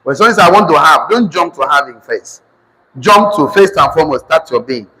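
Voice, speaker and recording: A man with a Nigerian accent teaching a finance class, repeating each phrase slowly so students can write it down. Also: on the high side, lively intonation, pushed and bright, slightly rough, in a large hall, poor audio. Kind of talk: classroom lecture with dictation.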